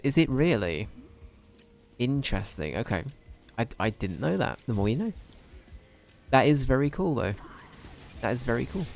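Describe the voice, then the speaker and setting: A man's voice: medium pitch, very animated, normal speed, vocal fry, long pauses, a little mellow. A young man chatting casually on a game stream, rambling and swearing as he jokes with chat. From Britain.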